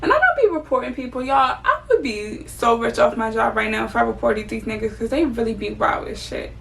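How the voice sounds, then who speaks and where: A woman's voice: fairly high pitch, lively intonation, fairly quick, creaky, fairly bright tone, recorded from a distance. A young woman venting candidly and casually to her viewers as she does her makeup, swearing freely. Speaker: vlogger. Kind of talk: casual get-ready-with-me venting.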